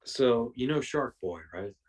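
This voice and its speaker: A man's voice: medium pitch, animated, a little slow, distant mic, noisy background. A man, a podcast guest, telling rambling, profane anecdotes casually, with lots of restarts. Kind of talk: casual storytelling.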